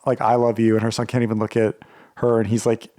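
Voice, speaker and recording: A man's voice: on the low side, monotone, quick pace, warm tone. A man co-hosting a casual podcast chat, rambling and full of "like" and restarts. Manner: rambling, heavy use of "like", frequent restarts. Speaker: podcast co-host.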